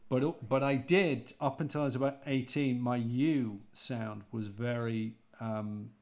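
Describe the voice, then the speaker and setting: An English preacher with a North Midlands accent, chatting casually and rambling, often correcting himself mid-sentence. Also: male voice, mid-range voice, measured pace. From England. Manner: relaxed, rambling, self-correcting. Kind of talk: casual podcast chat.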